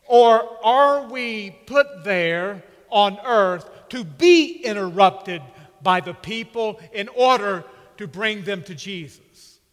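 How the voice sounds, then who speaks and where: Slow, high-voiced preacher, echoing hall. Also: male voice. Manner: slow, emphatic preaching with dramatic pauses. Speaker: pastor. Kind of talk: sermon. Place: church sanctuary. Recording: long reverb of a church hall.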